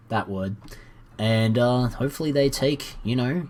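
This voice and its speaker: A man casually commenting on a strategy game as he watches, playful and jokey, with excited outbursts. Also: mid-range voice, a little slow, slight background noise. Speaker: gaming commentator.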